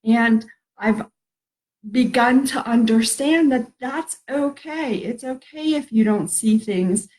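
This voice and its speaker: Speaking slowly in a slightly mellow voice on the high side, a middle-aged woman runs a casual spiritual live stream. She rambles about love and connection and laughs at herself, captured in a low-quality recording.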